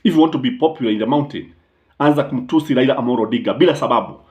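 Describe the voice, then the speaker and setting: A man with a Kenyan accent hosts a political commentary show, speaking at a middling pitch. He argues his points with emphasis and strong opinions, switching freely between English and Swahili. His delivery is loose and unscripted, broken up by fillers and restarts. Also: racing, darkish tone. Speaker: political commentator and channel host.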